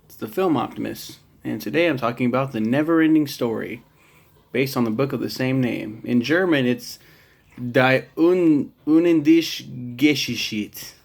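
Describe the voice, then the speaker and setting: Dude with a gravelly voice rambling thru a movie review, lots of ums, swears casually. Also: male voice, mid-range voice, a little fast. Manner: rambling, lots of fillers and restarts. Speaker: film reviewer.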